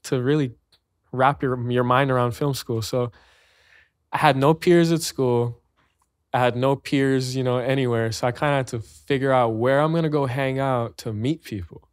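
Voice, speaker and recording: A man's voice: mid-range voice, steady tone, moderate pace, clear, resonant tone, no echo, studio quality. A man from Hawaii with a Hawaiian accent, chatting casually as a podcast guest, laid-back and slangy, laughing often. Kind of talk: casual chat.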